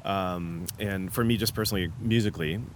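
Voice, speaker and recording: A man interviewing a guest at an outdoor theatre venue, relaxed, asking short questions with "um" pauses. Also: low voice, a little hiss or hum. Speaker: interviewer and show musician. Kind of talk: casual interview chat.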